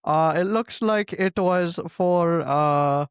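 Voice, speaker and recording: A man putting on a pushy scam telemarketer, higher-pitched. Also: slow pace, smooth, no room sound. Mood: smooth pushy. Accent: put-on Indian English. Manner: overly polite scripted phone patter.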